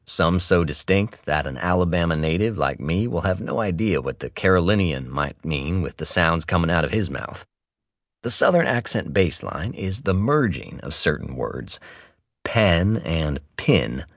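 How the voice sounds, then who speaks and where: A man with a very low voice reads a nonfiction audiobook. His delivery is wry and expressive, with intonation that swings widely for playful asides. The sound is dry and close, recorded on a studio microphone. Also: no echo. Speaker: audiobook narrator. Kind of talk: scripted audiobook narration.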